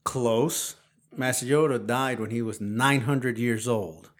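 A father in his forties, speaking slowly in a mid-range voice, hosts an easygoing podcast. He poses playful quiz questions to his young son and teases him with frequent laughter.

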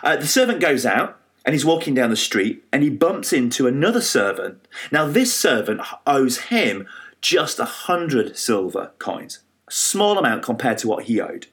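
A man preaching a sermon, retelling a parable with lively storytelling, frequent fillers and restarts. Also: medium pitch, normal speed. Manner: animated storytelling with many fillers and restarts, acting out quoted voices.

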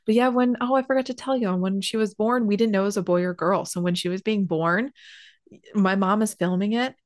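A woman's voice: mid-range voice, brisk, no echo, clean studio sound. Young female podcast host, chatty and heartfelt, talks in loose run-on sentences with lots of fillers. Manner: chatty, emotional, many fillers and restarts. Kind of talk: casual personal storytelling.

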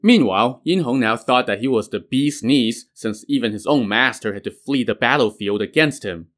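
A man's voice: mid-range voice, expressive, moderate pace, fairly bright tone. Male storyteller reading a classic tale. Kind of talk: narrating a classic novel.

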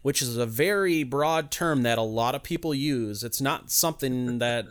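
A man's voice: medium pitch, moderate pace, clean tone. A man hosting a casual wrestling podcast, blunt and profane, often restarting his sentences. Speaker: podcast host.

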